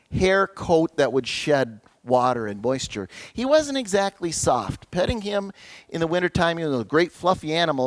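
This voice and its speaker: A male pastor delivers a sermon in a casual, talk-it-through manner, often slipping into voiced asides. His voice sits a little high for a man and swings widely in pitch. The sound is dry and close. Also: no echo. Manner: conversational, animated storytelling with voiced asides.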